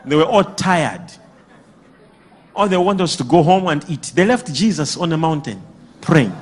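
Male preacher, high and lively voice, animated delivery with sudden shouts and call-and-response. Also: a little slow, breathy edge. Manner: animated, bursts into shouts and laughter.

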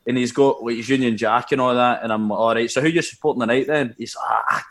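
A man's voice: medium pitch, fast. Young scottish guy on a podcast, chatty storyteller, keeps cracking himself up. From Scotland. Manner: animated, laughing through his anecdotes. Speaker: podcast co-host. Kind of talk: casual storytelling chat.

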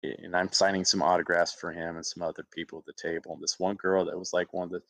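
A man's voice: low-pitched, level tone, fast, vocal fry, fairly bright tone, no echo. A man from Alabama, an actor, telling personal stories in a casual interview. He laughs often and acts out other people's voices.

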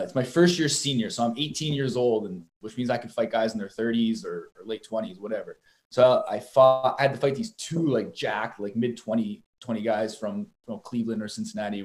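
In a casual interview, this young boxer and poet tells meandering stories stuffed with fillers and swearing. He speaks at a medium pitch with a slightly mellow quality.

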